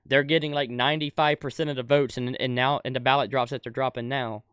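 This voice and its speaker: A young adult man giving an angry, profane political rant as a commentator, swinging from shouted outbursts to low muttering. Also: steady tone, fast, clean tone, no room sound.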